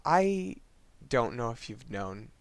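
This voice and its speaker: A man quoting a dying young woman's gentle confession in his own voice, soft and faltering. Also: mid-range voice, big pitch swings, slow, gravelly, no echo, full character voice. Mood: tender.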